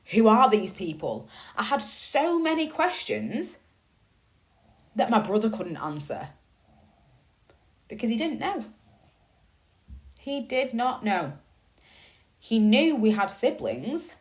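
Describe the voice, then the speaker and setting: A woman, likely in her thirties, telling a personal family story in a candid, swearing podcast monologue. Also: mid-range voice. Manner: candid and profane, swinging between slow reflection and bursts of emphasis. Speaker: podcast host.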